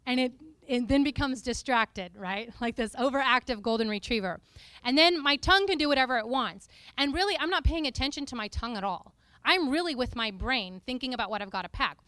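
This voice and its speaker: A woman preacher gives an animated, playful teaching talk to a live congregation. Her voice sits high and sounds bright and forward. The sound is dry and close. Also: brisk, clean tone, dry recording. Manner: animated, playful, breaks into sung and spoken snippets.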